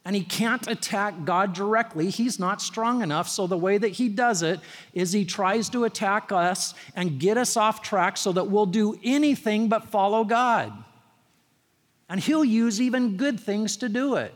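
Man preaching in a church, high voice, chatty and storytelling, punches up the big lines, lots of hall echo. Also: measured pace. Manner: conversational storytelling preacher, rising emphasis on key phrases. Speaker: pastor. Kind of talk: sermon.

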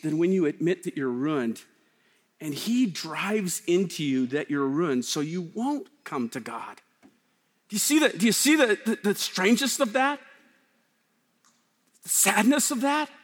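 A man preaching a sermon, swinging between loud emphasis and hushed, slow lines. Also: fairly high pitch. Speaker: pastor. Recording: long hall reverb.

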